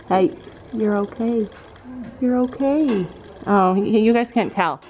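With soft music in the background, a woman takes her time speaking in a medium-pitched voice as she vlogs casually at an outdoor horse barn and trailer. She chats with viewers and settles her horses, and the sound is slightly dull with faint noise.

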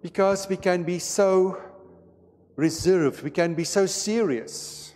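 A man preaching a sermon as pastor, with a measured and deliberate delivery in a church sanctuary. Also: sits high, a little mellow. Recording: long reverb of a church hall.

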